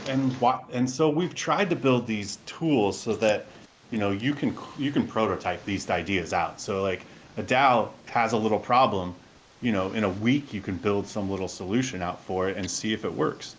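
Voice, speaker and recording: Guy presenting his dev tools, lowish voice, excited and rambly, bit of hiss behind. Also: moderate pace. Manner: enthusiastic, loose, filler-heavy. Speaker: presenter of the SDK overview. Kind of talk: technical talk and Q&A answers.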